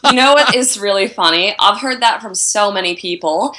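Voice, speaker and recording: A woman's voice: medium pitch, moderate pace, sharp tone. A woman from the United States with an American accent that drifts toward Australian, chatting casually and bluntly, swearing freely and laughing often. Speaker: guest, adult film performer. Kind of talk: casual podcast chat.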